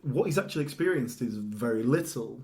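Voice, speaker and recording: A man's voice: mid-range voice, expressive, fairly quick, a little mellow. Easygoing man, podcast guest. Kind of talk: casual podcast chat.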